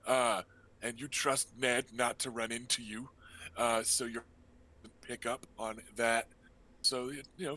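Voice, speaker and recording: A man narrating a tabletop role-playing game as game master, relaxed and full of ums and uhs. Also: medium pitch, a little slow.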